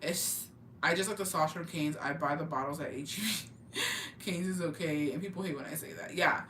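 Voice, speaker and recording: Young adult, casual profane storytelling, bright tense voice, roomy echo, a bit off-mic. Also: medium pitch, fairly quick, recorded from a distance, a little hiss or hum. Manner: profane, animated storytelling with slang and Spanish words. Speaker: podcast co-host. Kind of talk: casual chat. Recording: roomy, off-mic with faint ambience.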